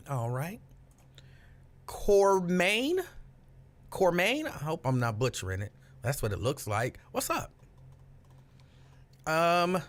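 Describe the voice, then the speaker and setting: A man's voice: medium pitch, fairly bright tone. A man hosting a casual afternoon live stream, greeting viewers by name, reading out their comments and joking about himself. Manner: playful, joking self-mockery. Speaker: host.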